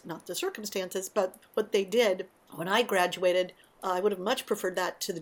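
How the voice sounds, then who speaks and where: A woman hosting a casual morning monologue, talking in an animated, emotional way with frequent asides. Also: medium pitch. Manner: warm, emotional, animated storytelling. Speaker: podcast host.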